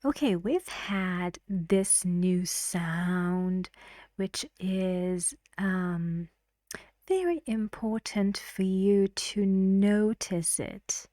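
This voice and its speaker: A woman's voice: mid-range voice, drawn-out words, dark tone, no room sound, studio quality. A woman teaching English pronunciation in an online lesson, patiently drilling stress patterns and often dropping into a whisper. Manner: chants stress patterns in syllables.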